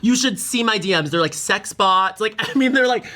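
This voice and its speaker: Male guest: bright, expressive storyteller who laughs often. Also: sits high, moderate pace. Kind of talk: casual chat.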